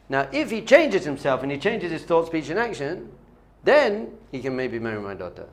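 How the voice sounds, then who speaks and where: A man's voice: on the high side, big pitch swings, brisk. A man, a rabbi, giving a spiritual lesson with a story, talking animatedly and repeating key points for emphasis.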